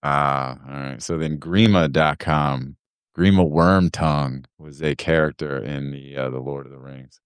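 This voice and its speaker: A man's voice: rumbling low, fairly even intonation, a little slow, clean tone, dry recording. A man hosting a casual podcast chat, rambling with lots of fillers and easy laughs.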